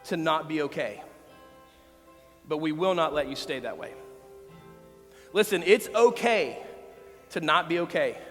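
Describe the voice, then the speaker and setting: High-pitched guy preaching, raw and honest, echoey church hall, faint music behind. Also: fairly bright tone. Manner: candid, emotional preaching with personal stories. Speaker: pastor. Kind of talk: sermon.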